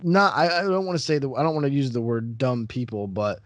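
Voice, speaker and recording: A man hosting a podcast as a real estate broker, telling stories in casual chat and getting animated as he acts out the people in them. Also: brisk, no echo. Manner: animated storyteller, acts out callers and rises in pitch when worked up.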